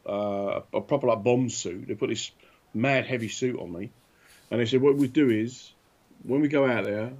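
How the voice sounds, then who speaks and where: A man telling animated anecdotes in casual chat, acting out the voices of the people in his stories. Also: medium pitch. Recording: dull lo-fi sound.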